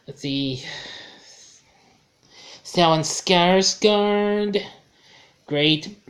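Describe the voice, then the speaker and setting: A man's voice: high-pitched, drawn-out words, a bit bright. A man giving a casual film review, rambling and correcting himself as he goes. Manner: rambling, self-correcting, chuckles at his own slips.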